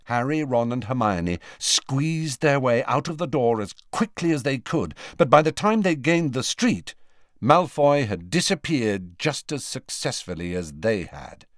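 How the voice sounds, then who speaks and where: A man narrating an audiobook with expressive storytelling on a close studio mic. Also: mid-range voice, a little slow, dry recording. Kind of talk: scripted narration.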